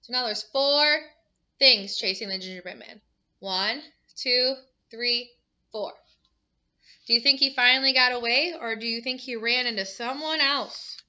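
A woman teacher reading a picture book aloud to children, animated and asking them questions. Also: a little high, measured pace, highs cut off. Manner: animated, asks the listeners questions.

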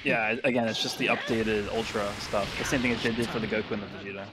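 A man chatting casually on a gaming voice call, giving quick, offhand explanations. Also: lowish voice, fairly even intonation. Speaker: gamer on a voice call.

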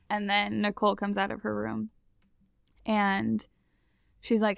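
A woman recounting a story as a podcast guest, chatty and animated, laughing often. Her mid-pitched voice has a strong vocal fry. She sounds close and dry, with no room around her. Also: measured pace, pauses often, dry recording. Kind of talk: casual storytelling.

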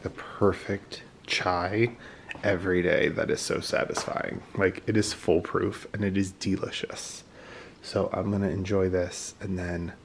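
A man's voice: on the low side, fairly bright tone, slight background noise. A man hosting his own daily home vlog, chatting casually and filling his talk with "like". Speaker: vlog host.

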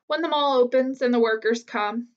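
A dignified, thoughtful gorilla with a polite, measured way of speaking, as a woman reading a storybook aloud gives him voice. He sounds lifted and a little higher than you'd expect. The recording is slightly muffled. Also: close to an everyday voice. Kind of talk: reading a children's novel aloud.

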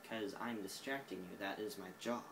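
A man's voice: lowish voice, normal speed, background noise. A tired man with an Oklahoma accent, rambling goofily through a casual vlog monologue recorded on a phone while sitting indoors. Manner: goofy, drifting, self-mocking. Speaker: vlogger.

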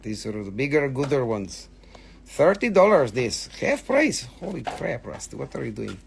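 A man hosting a live sales stream, talking with excited, animated patter as he shows and prices each item. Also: medium pitch, moderate pace, vocal fry, noisy background.

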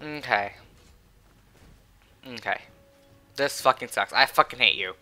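A man commentating his own match, swearing and swinging from low muttering to shouted taunts. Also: animated, measured pace. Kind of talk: raging gameplay commentary.

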